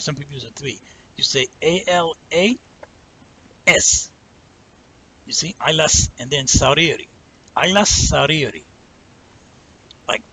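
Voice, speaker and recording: A man teaching a language lesson, explaining step by step, drawing out example words slowly and checking in with "right?" as he goes. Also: fairly high pitch, pushed and bright, a little hiss or hum, rough recording. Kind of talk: patient spoken lesson.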